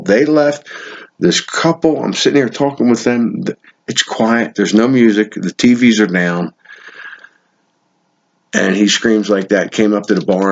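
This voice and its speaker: A man tells a story in a lower voice, animated and blunt, swearing as he acts out the people in it. The sound is dull and lo-fi. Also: a little hiss or hum. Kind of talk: casual storytelling monologue.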